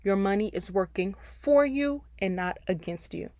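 A woman's voice: medium pitch, expressive, moderate pace, mellow, dry recording. A woman hosting a personal finance podcast, giving advice in a chatty, encouraging way and speaking straight to her listeners. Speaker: podcast host.

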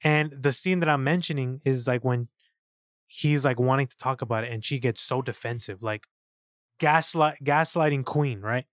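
A man co-hosting a casual film review podcast, excited and profane, acting out lines from scenes. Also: medium pitch, moderate pace, no echo, studio quality. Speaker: podcast co-host.

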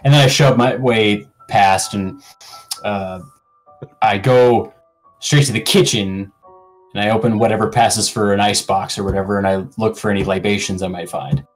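Halting male player describing actions. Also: fairly low pitch, fairly even intonation, soft background music, low-quality recording. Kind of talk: tabletop game play.

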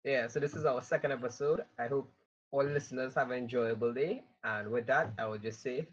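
A man's voice: mid-range voice, brisk. A man hosts a casual podcast interview in a friendly, easygoing way. His voice comes through a dull, muffled call line. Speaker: podcast host.

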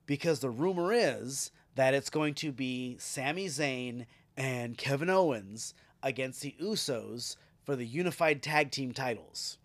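A man hosting a podcast, recapping a wrestling show in a casual, animated and profane way, laughing as he retells it. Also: mid-range voice, unhurried, few pauses. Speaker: podcast host.

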